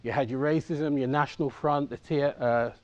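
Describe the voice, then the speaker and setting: A man's voice: medium pitch, steady tone, moderate pace. A man in his fifties from England speaks candidly about his own upbringing and often checks in with his audience. The recording is dull and lo-fi, with a dry sound that has no room echo. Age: 50s. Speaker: conference speaker. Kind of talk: personal storytelling talk.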